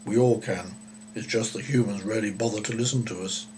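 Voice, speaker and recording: A man's voice: fairly low pitch, fairly even intonation, fairly quick, background noise, natural voice. A man voicing a chatty, kindly female talking cow in a storybook reading, friendly and a little rambling. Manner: friendly, rambling, talks with mouth full. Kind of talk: storybook character voice.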